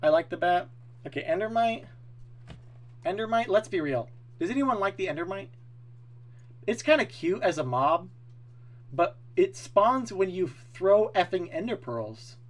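A man streaming live, chatting casually with his viewers, excitable and opinionated, swearing freely as he talks. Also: sits high, unhurried, pauses often.

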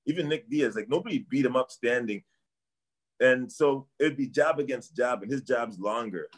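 A middle-aged man from Canada speaks at a moderate pace in a medium-pitched voice. He's a martial arts trainer on as a guest for laid-back sports talk, and he rambles, goes over the same ground, and trails off with "I don't know."

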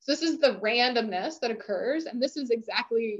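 A woman lecturer with a fairly high voice talks through course material. She leans on fillers and keeps asking "right?" as she explains. The recording sounds dull and lo-fi. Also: lively intonation, moderate pace. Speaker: university lecturer.

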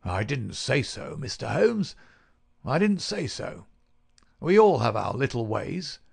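A man's voice: medium pitch, big pitch swings, slow, creaky, a little mellow, slightly rough, exaggerated voice. A man voicing a shrewd, stubborn police inspector who speaks in guarded, sly replies.

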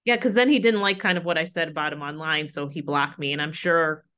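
A woman's voice: low voice, fairly quick, fairly bright tone, clean tone. A woman guest, a grief counselor, earnestly recounting her experiences in a casual conversation. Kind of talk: casual chat.

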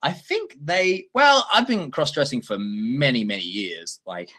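A man hosting a livestream and answering viewer questions in a chatty, animated way, often laughing. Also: mid-range voice, measured pace. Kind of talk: casual chat.

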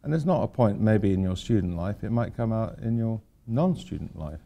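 A man's voice: lowish voice, expressive, normal speed, creaky, warm tone. An older man, an architect giving an informal lecture, rambling through anecdotes with wry asides.

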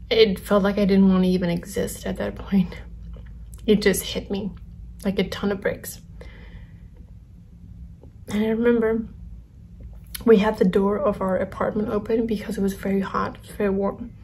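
A young woman vlogger telling a personal story in a soft, halting way that often sinks to a whisper. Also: mid-range voice, little pitch movement, gravelly, a little hiss or hum.

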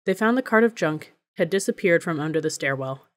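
A woman narrates a novel as an audiobook reader. Her voice sits on the low side, and she keeps a steady, even pace as she tells the story. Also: brisk. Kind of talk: scripted narration.

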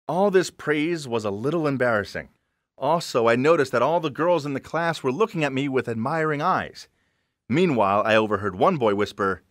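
Young man narrating with lively pitch. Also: normal speed, no echo, clean studio sound. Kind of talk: first-person animated story narration.

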